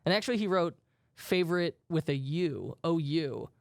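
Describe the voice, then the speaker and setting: A man's voice: a little high, animated, moderate pace, gravelly, no echo, clean studio sound. A man co-hosting a podcast, telling stories in a jokey, self-deprecating way. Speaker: podcast co-host. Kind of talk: casual podcast chat.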